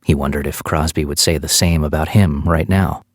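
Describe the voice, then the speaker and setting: Male audiobook narrator, low voice, steady measured read, dry close mic. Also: no echo.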